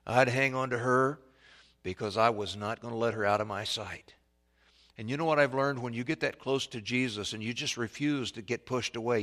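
Bright-voiced folksy preacher. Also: male voice, mid-range voice. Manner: folksy storytelling, rising to loud excited peaks. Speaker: pastor. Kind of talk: sermon with personal story.

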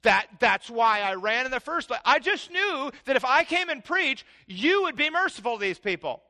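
A preacher doing a fed-up old-time prophet. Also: male voice, sits high, big pitch swings, fairly quick, gravelly, sharp tone, long reverb tail, heavily acted. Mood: exasperated. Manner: exasperated, complaining tone. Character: angry, sulking male prophet of old.

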